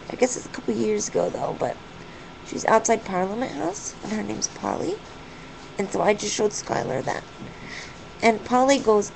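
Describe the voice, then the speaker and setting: A woman vlogging about her pet parrot at home, talking softly and dotingly to the bird. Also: medium pitch, gravelly. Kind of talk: casual pet vlog. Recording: noisy home video recording.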